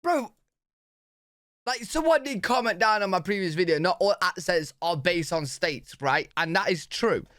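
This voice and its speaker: A young British man reacting to video clips in a casual, excitable, slang-heavy way. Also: high-pitched, moderate pace, no echo, studio quality. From Britain. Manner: excitable, slangy, says "bro" a lot.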